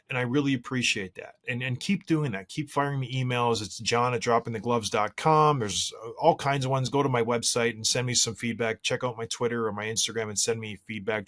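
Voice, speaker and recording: A man's voice: mid-range voice, a bit bright. A man hosting his own podcast solo, chatting casually and telling self-deprecating stories with frequent restarts. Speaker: podcast host.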